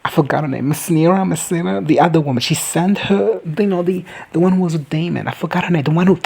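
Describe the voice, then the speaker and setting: Casting note: man with a gravelly, husky voice, campy and foul-mouthed recap commentator. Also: a little high, fast talker, a little mellow. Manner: profane, campy, slips into mocking quoted voices. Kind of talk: casual reaction recap.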